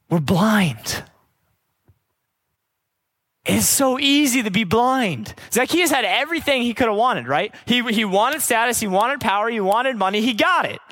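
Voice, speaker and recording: A man's voice: extremely high pitch, a bit bright. A man preaching a sermon, emphatic, with repeated rhetorical questions and casual conversational asides.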